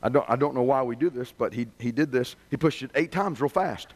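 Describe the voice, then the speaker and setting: A man's voice: mid-range voice, a little fast. A male revival preacher giving a sermon in a conversational, humorous, storytelling way.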